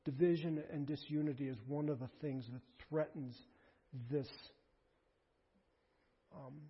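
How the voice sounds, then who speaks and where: Here the preacher sounds on the high side and husky, keeping a steady tone and an unhurried pace. Earnest and pleading, he keeps restarting sentences during his sermon in the sanctuary, captured with muffled sound and long hall reverberation.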